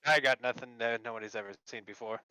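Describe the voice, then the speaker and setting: A man playing a tabletop game, excitable, swears and laughs a lot in casual chat. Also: mid-range voice, quick pace, smooth, dry recording, lo-fi sound. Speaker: player.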